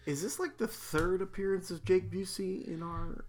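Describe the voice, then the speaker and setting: A man's voice: high voice, normal speed, over loud music. A man co-hosting a podcast, adding wry asides and questions in casual movie chat. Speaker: podcast co-host.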